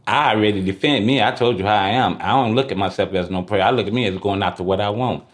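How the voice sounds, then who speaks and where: A middle-aged man from Oakland, California, chatting casually as a podcast guest, boastful and quick to laugh. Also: on the low side. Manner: boastful, laughing, colloquial street talk. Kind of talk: casual chat.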